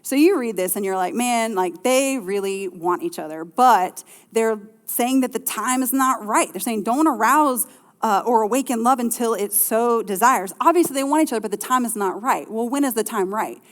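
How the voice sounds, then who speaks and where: Lively woman preaching in a hall. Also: fairly high pitch, normal speed. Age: middle-aged. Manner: lively, conversational preaching with playful asides. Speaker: pastor. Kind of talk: sermon.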